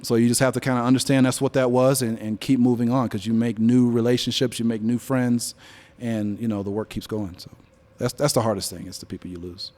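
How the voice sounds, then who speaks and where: Man, forties, on-stage interview guest, conversational storyteller, mid-pitched voice, live audience. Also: brisk, hardly any pauses. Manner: storytelling, animated when quoting others. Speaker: guest speaker, business leader. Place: event venue before an audience.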